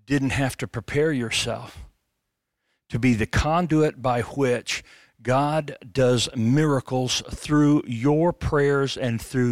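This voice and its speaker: A middle-aged man preaching a sermon as a pastor, animated and conversational, with jokes. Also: medium pitch, dry recording, studio quality.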